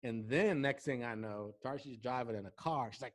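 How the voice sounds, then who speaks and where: A male host spinning stories in an easygoing interview. His voice sits at an ordinary middle pitch. He keeps checking in with a quick "right?" as he goes. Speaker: talk show host. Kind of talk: casual storytelling interview chat.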